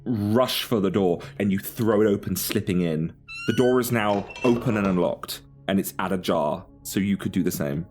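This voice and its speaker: A man narrating a tabletop role-playing game as game master in a relaxed, descriptive way. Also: lowish voice, normal speed, soft background music.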